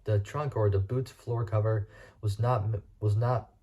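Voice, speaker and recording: A man's voice: on the low side, steady tone, a little slow, dark tone, husky. A man reading car facts aloud for a casual video, stumbling and restarting often and spelling out words he can't pronounce.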